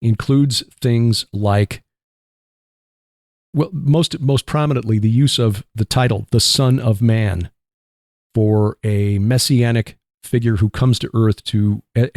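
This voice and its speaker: A man with a Midwestern accent hosting a casual Christian radio talk show, rambling and halting with fillers. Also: fairly low pitch, darkish tone, no room sound, studio quality. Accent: Midwestern American. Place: barn studio.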